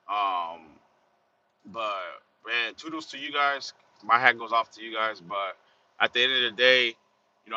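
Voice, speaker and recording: A man's voice: mid-range voice, sharp tone, a little hiss or hum. Blunt trucker man talking from the cab. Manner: blunt, streetwise, swearing freely. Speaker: truck driver. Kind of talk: casual vlog while driving. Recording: dull lo-fi sound.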